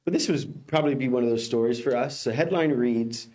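A man co-hosting a podcast, presenting headlines in a relaxed, chatty way. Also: mid-range voice, brisk. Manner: easygoing, laughs along. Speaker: podcast co-host reading headlines. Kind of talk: casual chat.

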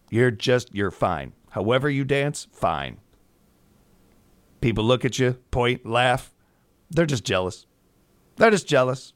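A man hosts a morning radio show from the studio, talking casually in a folksy, rambling way. His pitch sits in the ordinary male middle. The sound is close and dry, with no room in it. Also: no echo. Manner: chatty, folksy, rambling with asides. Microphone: studio microphone.

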